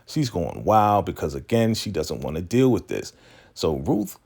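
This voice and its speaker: Deep-voiced man recapping a show. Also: unhurried, gravelly. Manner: animated storytelling, slips in laughs and acted-out quotes. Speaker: YouTube recap host. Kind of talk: casual episode recap.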